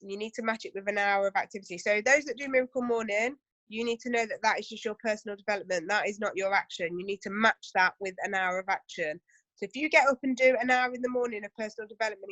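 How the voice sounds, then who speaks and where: A woman's voice: mid-range voice, fairly bright tone, no room sound. A woman running a casual training session for her team, chatty and full of asides and rhetorical questions.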